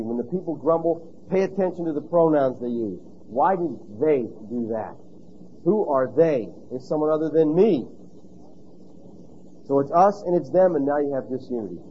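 A man's voice: fairly high pitch, lo-fi sound, slight background noise. A male pastor preaching a sermon emphatically, stressing key points and asking rhetorical questions.

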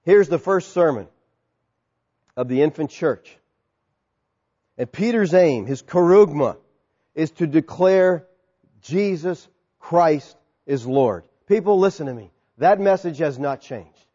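Male pastor, high voice, lively sermon delivery; dull recording with a long hall echo. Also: slow, pauses often. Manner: animated preaching, acts out crowd voices; soft, quiet prayer.

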